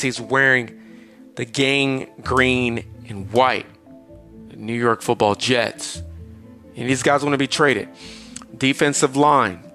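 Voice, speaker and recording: A man talking through a football roster on his own podcast, leaning hard on key words and then rushing through heights, weights and years. His voice sits at an ordinary middle pitch. Faint guitar music plays underneath. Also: bright, forceful tone. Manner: emphatic, drawn-out delivery with sudden rushes of stats. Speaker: podcast host. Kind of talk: solo sports podcast monologue.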